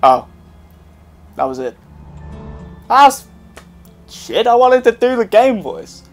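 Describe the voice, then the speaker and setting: A young man giving casual let's play commentary, excitable and jokey, talking to himself and swearing now and then. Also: extremely high pitch, slow, pauses often, faint music behind. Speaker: gameplay commentator.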